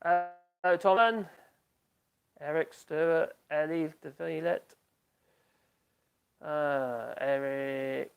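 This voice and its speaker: A man's voice: fairly high pitch, takes it slowly, creaky, long pauses, clean tone. Rambling, chatty Englishman hosting a live stream. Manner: rambling, chatty, trailing off mid-sentence. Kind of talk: casual live-stream chat.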